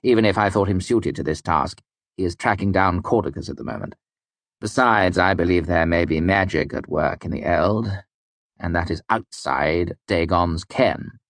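A man's voice: low-pitched, normal speed, no room sound. A man reading an audiobook, voicing a weary, irritable middle-aged mayor who speaks curtly and brusquely. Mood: curt, exasperated. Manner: curt, brusque, exasperated. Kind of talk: audiobook character voice.

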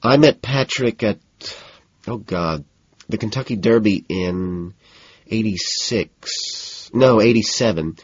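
A man with a lowish, husky voice speaks slowly, playing a snobby, tipsy young socialite woman who gossips in a bored drawl. The recording has no room sound but is slightly muffled, and the mood is bored and snobbish.

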